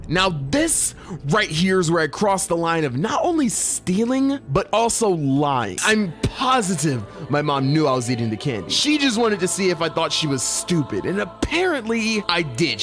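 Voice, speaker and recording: Young man, comedic storytime narration, high bouncy voice, faint music behind. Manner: expressive, playful slang.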